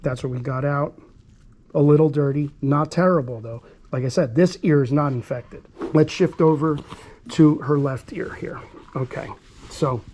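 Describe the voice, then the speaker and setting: A man, a dog groomer, talking viewers through a hands-on grooming demonstration in an earnest, repetitive way, with soft soothing asides to the dog. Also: fairly high pitch.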